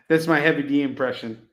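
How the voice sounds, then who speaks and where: A man hosting a casual live shopping stream, pitching comic books with rambling jokes and laughing at himself. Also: roomy sound. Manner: jokey, rambling, laughs at his own jokes.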